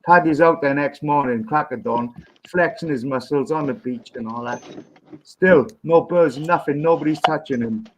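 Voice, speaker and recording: A man's voice: on the high side, normal speed, a little hiss or hum, rough recording. A man with an English accent, co-hosting a casual chat and telling rambling jokes, swearing freely. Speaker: podcast co-host. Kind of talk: casual pub-style banter, telling jokes.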